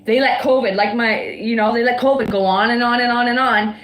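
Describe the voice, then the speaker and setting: A woman's voice: a little high, fairly even intonation, fairly quick, fairly bright tone, roomy sound. A woman in a heated, casual livestream rant, talking bluntly and defiantly with frequent swearing. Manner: blunt, swearing, defiant, laughs between outbursts. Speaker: livestream guest.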